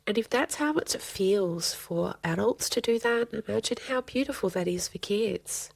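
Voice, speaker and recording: A middle-aged woman counselor who is a guest on a podcast, speaking earnestly and gently and repeating phrases for emphasis. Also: mid-range voice, normal speed, gravelly, no echo. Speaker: family and child counselor guest. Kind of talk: podcast interview conversation.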